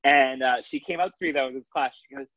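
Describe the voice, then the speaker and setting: A man's voice: mid-range voice, fast, no echo, lo-fi sound. A man in his thirties, an author and coach, talking in a loose, rambling way with many restarts. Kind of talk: casual interview talk.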